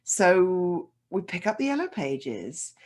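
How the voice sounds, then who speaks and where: Husky-voiced woman telling a lively story. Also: lowish voice, takes it slowly. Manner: animated, acts out quoted voices. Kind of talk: live personal storytelling.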